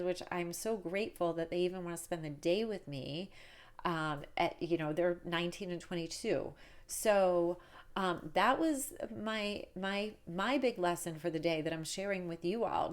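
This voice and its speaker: Forties woman, low gravelly voice, candid chatty vlog host. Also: normal speed. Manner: candid and chatty, laughing often. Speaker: wedding cake business owner and coach. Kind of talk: casual vlog storytelling.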